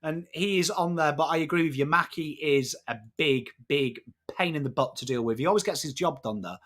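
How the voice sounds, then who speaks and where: A man's voice: on the high side, fairly quick. An English man hosting a live footy stream, chatting matily with viewers and breaking down trades, swearing now and then. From England. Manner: matey, excitable, swears freely, greets chat by name. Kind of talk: casual live-stream chat and trade analysis.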